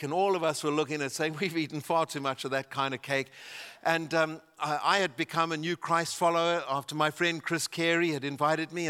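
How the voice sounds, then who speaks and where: Male preacher, slightly higher voice, storytelling sermon, long hall reverb. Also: pushed and bright, smooth. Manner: anecdotal, halting with restarts.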